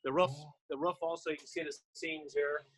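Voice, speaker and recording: A man's voice: a little high, fairly even intonation, fairly quick, a bit bright, rough recording. A middle-aged man walking through a car build in his workshop, listing the parts in short, matter-of-fact phrases. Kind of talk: casual walkthrough explaining a build.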